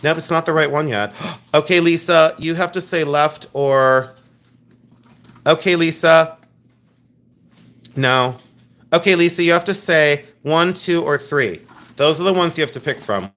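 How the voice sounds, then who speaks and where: A man's voice: fairly high pitch, unhurried, long pauses, fairly bright tone. A man hosting a live jewelry sale stream, talking in a chatty, rambling, jokey way and showing affection toward his viewers. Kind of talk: casual live sales stream.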